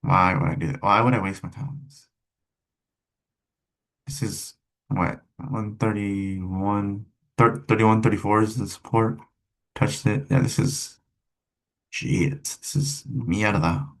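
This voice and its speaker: A young man giving casual, rambling commentary on stock charts, cussing and tossing in quick asides. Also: fairly low pitch, fairly even intonation, a bit bright. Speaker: stock trading streamer.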